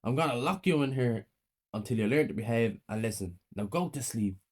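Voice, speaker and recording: A man's voice: mid-range voice, animated, lightly acted. A man putting on a cruel, menacing mother. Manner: slow, menacing, scolding. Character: cruel, cold, abusive mother, adult woman.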